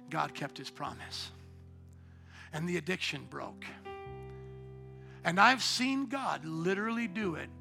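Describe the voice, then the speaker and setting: A man preaching a sermon as pastor, swinging from quiet asides to loud, shouted exhortation. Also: on the high side, vocal fry. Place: church sanctuary.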